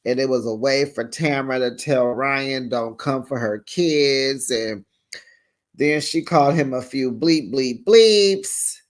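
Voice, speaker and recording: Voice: mid-range voice, slow. A sassy, gossipy host giving a casual recap of a reality TV episode and talking straight to viewers.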